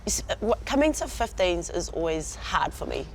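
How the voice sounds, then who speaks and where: A woman's voice: lowish voice, very animated, moderate pace, creaky. A woman in her thirties with a New Zealand accent, chatting as an interview guest and sounding proud and laughing easily. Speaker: rugby player guest. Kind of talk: relaxed interview chat. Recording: faint background noise.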